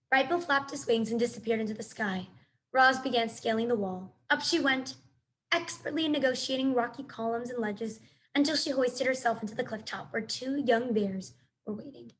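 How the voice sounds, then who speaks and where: A woman teacher reading a children's storybook aloud with clear, expressive narration. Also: fairly high pitch, moderate pace, slight background noise, low-quality recording.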